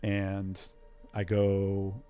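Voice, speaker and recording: A man in his forties, chatting casually and excitably while streaming a game. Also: sits low, drawn-out words, clean tone, soft background music. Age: 40s. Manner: chatty, excitable, says dude a lot. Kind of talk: casual gameplay stream chat.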